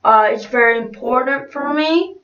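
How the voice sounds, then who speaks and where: A woman's voice: high voice, moderate pace, a bit bright. A middle-aged woman improvising a solo role-play with many hesitant fillers, recorded from a distance in an echoey room. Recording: distant, roomy, dull lo-fi.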